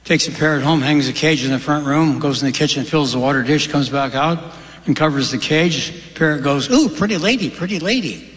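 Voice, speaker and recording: A man doing stand-up, telling jokes one after another in a deadpan delivery on a stage. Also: mid-range voice, fairly quick, in a large hall. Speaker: stand-up comedian.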